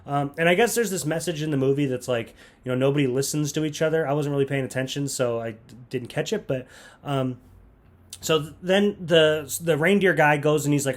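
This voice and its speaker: A man's voice: a little high, fairly quick. A man giving a comedic, grumpy movie review monologue with sarcastic, rambling asides. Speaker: youth ministry comedy reviewer.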